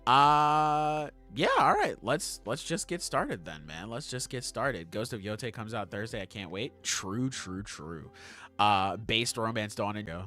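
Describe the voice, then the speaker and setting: Man, podcast co-host, casual excitable chat, animated pitch, bright tone, faint music behind. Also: measured pace. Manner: excitable, laughs a lot, slangy.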